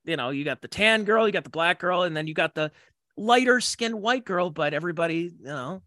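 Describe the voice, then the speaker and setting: A man's voice: high voice, lively intonation, brisk, pushed and bright, dry recording. A man hosting a casual podcast interview, eager and rambling as he sets up questions. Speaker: podcast host.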